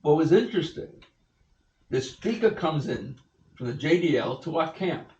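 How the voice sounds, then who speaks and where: An older man tells a story to an audience, animated and acting out the people he quotes. His voice sits fairly high and comes from well off the mic in an echoey hall. The sound is a bit dull, with faint room ambience behind it. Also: far from the mic, slight background noise. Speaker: event speaker. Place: event hall.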